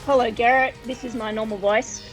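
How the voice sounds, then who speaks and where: A woman's voice: on the high side, fairly even intonation, a little fast, soft background music, close to an everyday voice, low-quality recording. An Australian woman putting on an American accent to play a ditzy, chatty young Californian woman. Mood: bubbly. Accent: put-on American. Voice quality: filler-heavy, bubbly.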